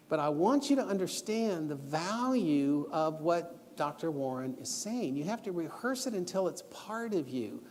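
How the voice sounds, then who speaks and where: A middle-aged guest preacher with a high voice and darkish tone teaches a sermon lesson in a church auditorium, where long reverb fills the hall. He relates personal stories and sets homework in an earnest, instructive manner.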